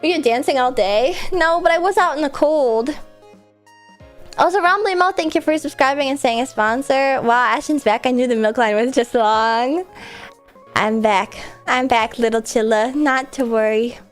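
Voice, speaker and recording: Stuffy-nosed girl streamer chatting w chat, kinda high voice, giggly, soft music behind. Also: normal speed. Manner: chatty and giggly, with lots of likes and restarts. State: stuffed up from a cold. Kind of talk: casual chat reading out viewer messages.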